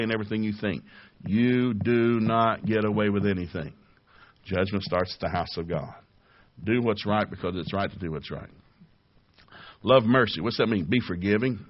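Folksy husky-voiced preacher guy, lowish voice, asks questions and answers himself, dull lo-fi radio sound. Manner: folksy, humorous preaching with rhetorical questions and chuckles; plays out little dialogues, raising his voice for the voices of others. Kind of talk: sermon.

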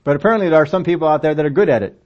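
An older man, a pastor, preaches a sermon very fast in a slightly high voice, reading scripture aloud and breaking into folksy, self-deprecating asides. The recording has a dull lo-fi sound.

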